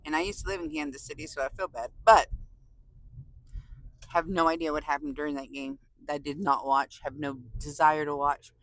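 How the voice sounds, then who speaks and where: A woman's voice: sits low, steady tone, normal speed, fairly bright tone, rough recording. A woman from California vlogging to her viewers in a casual, gushing, emotional way, often close to tears and laughing. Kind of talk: casual chat to camera.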